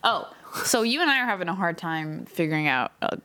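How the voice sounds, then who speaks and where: Chatty woman with a lowish voice. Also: animated, a little fast, bright, forceful tone. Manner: chatty, lots of filler words, laughs often. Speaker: podcast co-host. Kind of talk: casual chat. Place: Seattle area.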